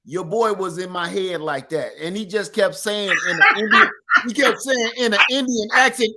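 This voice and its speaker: A middle-aged man with an East Texas accent, co-hosting a livestream and telling stories in animated, folksy casual chat. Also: sits high, normal speed, noisy background. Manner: animated storyteller, folksy Southern talk. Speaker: livestream co-host.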